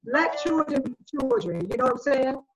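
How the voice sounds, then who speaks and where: A woman's voice: high-pitched, animated, moderate pace, noisy background. A woman in casual group discussion, speaking animatedly and acting out exchanges with children. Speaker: panel guest sharing parenting views.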